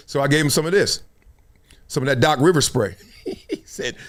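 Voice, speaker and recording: A man's voice: on the high side, sing-song, fast talker, fairly bright tone. A man hosting a live sports show, talking in a casual, slangy, joking way and laughing often. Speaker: host.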